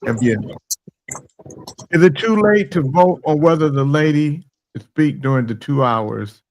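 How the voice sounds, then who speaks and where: A man's voice: fairly high pitch, unhurried, low-quality recording. A man hosting a casual morning show, teasing his co-host with short, dry replies.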